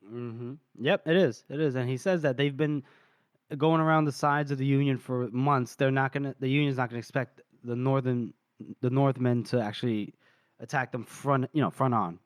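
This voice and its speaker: A man's voice: medium pitch, steady tone, moderate pace, clear, resonant tone, dry recording, studio quality. A man co-hosting a podcast, casually retelling a book chapter and briefly acting out the characters' lines. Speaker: podcast co-host.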